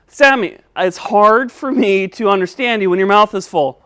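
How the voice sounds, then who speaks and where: A woman's voice: mid-range voice, lively intonation, normal speed, few pauses, fairly bright tone. A woman teaching a children's speech lesson, patient and encouraging, coaching step by step.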